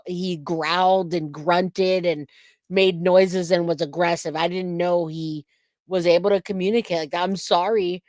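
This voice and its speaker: A woman's voice: fairly low pitch, a little mellow, dry recording, studio quality. A woman hosting a true crime livestream, reacting to clips and greeting chat viewers by name. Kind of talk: casual livestream commentary.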